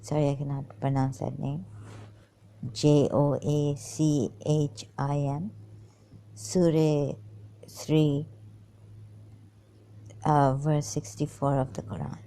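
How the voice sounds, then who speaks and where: A woman with a low, mellow voice reads old texts aloud and stops to comment on them. She talks slowly and hesitantly, puzzling over words and sometimes dropping into a whisper. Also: level tone, low-quality recording. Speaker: channel host.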